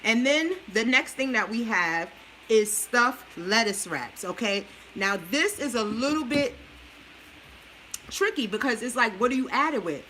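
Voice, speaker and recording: A woman's voice: on the high side, expressive, measured pace, pushed and bright, slight background noise, rough recording. A busy mom chatting through a meal plan while she cooks, coaching her viewers in a casual, chatty way. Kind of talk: casual cooking livestream.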